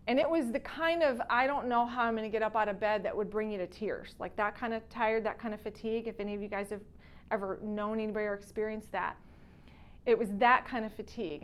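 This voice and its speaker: Texan woman, clinic doctor, higher voice, chatty storyteller who acts out quotes, casual talk to patients. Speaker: chiropractor and wellness doctor.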